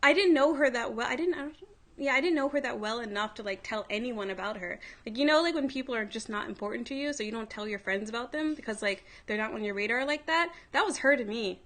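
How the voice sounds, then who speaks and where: A woman's voice: a little high, expressive, fast, a bit bright. A woman hosting a livestream, telling a story in a casual way, full of "like" and other fillers. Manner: chatty, filler-heavy, frequent "like". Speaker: livestream host.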